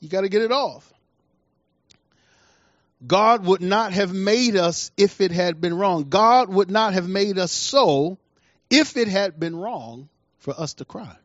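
A middle-aged male preacher with a somewhat high voice delivers a sermon, repeating his key lines for emphasis. He swings from quiet, intimate passages to loud, pressing ones. The recording is dry and slightly muffled. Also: a little slow, no echo.

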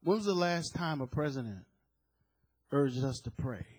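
A man's voice: mid-range voice, animated, normal speed, breathy edge, low-quality recording. A man preaching a sermon, fervent and emphatic, often repeating words as he builds a point.

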